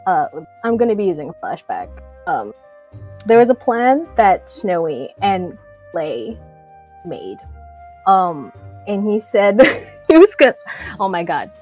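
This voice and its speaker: A woman's voice: medium pitch, very animated, slow pace, pauses often, dark tone, faint music behind. A woman playing a tabletop game, giggly and hesitant. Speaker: player. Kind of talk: casual tabletop play.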